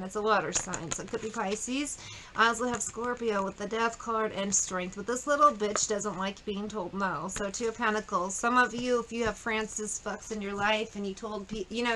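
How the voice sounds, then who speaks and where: A woman's voice: a little high, steady tone, moderate pace, bright, forceful tone, slight background noise, low-quality recording. A woman giving a casual tarot reading, blunt and profane, mocking the people in her cards and sometimes singing snatches of songs. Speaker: tarot reader.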